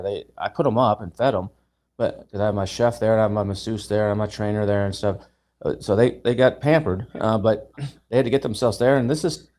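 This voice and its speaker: A man on a live video call, telling long stories in a casual, animated way, restarting and repeating words and acting out what people said. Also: fairly low pitch. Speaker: guest speaker, event founder.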